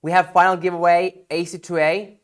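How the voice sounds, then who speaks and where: A tired man hosting a casual livestream sales pitch, chatty and rambling with lots of fillers and jokes. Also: little pitch movement, a little fast, clean tone.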